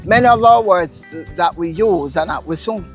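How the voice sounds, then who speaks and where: A woman from Jamaica with a Jamaican accent, a guest explaining local words in a casual interview, telling stories in an animated, emphatic way. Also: on the low side, normal speed, soft background music. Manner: animated storyteller, lively and emphatic.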